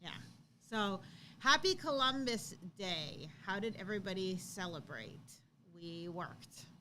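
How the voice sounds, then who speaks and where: Bright, chatty woman co-host. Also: medium pitch, animated, unhurried, a little hiss or hum. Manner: chatty, playful. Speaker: co-host of a live stream. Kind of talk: casual chat.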